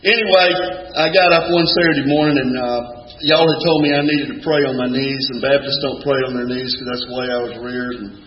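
A man's voice: medium pitch, fairly even intonation, a little fast, hardly any pauses. An older man, telling his story at a recovery meeting in a wry, folksy way with dry punchlines. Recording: echoey hall with dull lo-fi sound and faint room noise.

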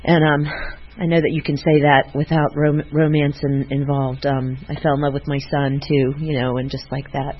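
A woman speaking at a recovery meeting, giving a personal tribute in a halting way, full of fillers and restarts. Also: low voice, level tone, husky. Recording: muffled lo-fi recording.

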